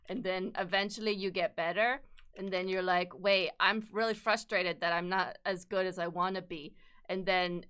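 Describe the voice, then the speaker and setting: A woman's voice: fairly low pitch, a bit bright, smooth. A woman streamer chatting casually and rambling while she draws, self-deprecating and swearing freely. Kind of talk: casual live-stream chat while drawing.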